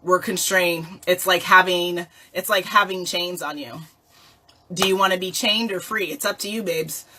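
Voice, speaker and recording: A woman coaching listeners in a motivational talk, playful and animated, often asking rhetorical questions and laughing. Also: fairly low pitch, moderate pace, slight background noise. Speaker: life coach.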